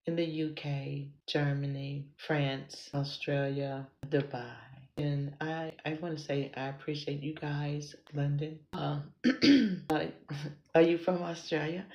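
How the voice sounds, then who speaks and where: A woman's voice: deep voice, vocal fry, a little mellow, lo-fi sound. Blunt, profane American woman in a roomy space. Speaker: podcast host and content creator. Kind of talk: casual solo monologue. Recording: roomy echo.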